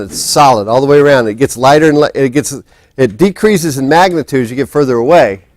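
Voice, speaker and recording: A man's voice: on the high side, a little mellow, no room sound. Rambling male physics lecturer, dry sound. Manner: rambling, restarts often, talks while setting up. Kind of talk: casual classroom lecture. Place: lecture hall.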